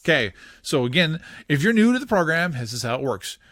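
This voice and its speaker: A man hosting a podcast, giving excitable, giggly play-by-play commentary on a cartoon as he watches it. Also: a little high, fairly quick, no echo. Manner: giggly, excitable narration of on-screen action. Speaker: podcast host.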